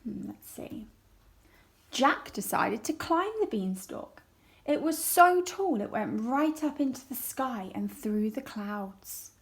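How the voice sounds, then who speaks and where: Teacher reading a story to young children, slow and clear, raised pitch. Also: female voice, animated. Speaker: primary school teacher. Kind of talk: reading a story aloud for a lesson.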